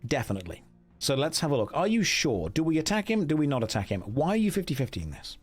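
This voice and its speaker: A man's voice: on the high side, very animated, fast talker, a little mellow, breathy edge, faint music behind. A man streaming a gamebook, chatting with his viewers about their votes and reading the story passages aloud. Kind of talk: live-streamed gamebook play with chat votes.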